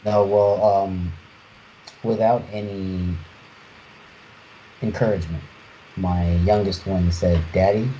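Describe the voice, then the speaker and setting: Low, dark-voiced man, halting chat. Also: flat delivery. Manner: halting, many restarts and fillers. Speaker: podcast co-host. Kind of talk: casual chat. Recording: muffled lo-fi audio with faint noise.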